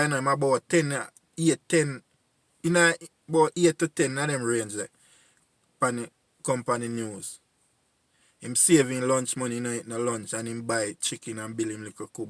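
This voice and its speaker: A man's voice: medium pitch, a bit bright, no room sound. A man in his forties from Jamaica with a Jamaican accent, making an earnest, repetitive spoken appeal to young men. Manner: pleading, repetitive, heartfelt. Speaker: community voice addressing young men.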